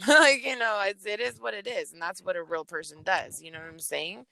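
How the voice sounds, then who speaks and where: Here is a woman with a lowish voice that has a gravelly fry and a bright, sharp edge. She tells her story bluntly and animatedly as a podcast guest, swearing freely. The sound is dry and close, with no room behind her. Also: lively intonation, brisk, hardly any pauses, no room sound. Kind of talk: casual storytelling.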